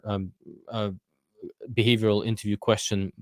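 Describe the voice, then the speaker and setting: A man working as an interview coach, answering questions in a live Q&A session, thinking aloud with frequent pauses and fillers. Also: lowish voice, dry recording, clean studio sound.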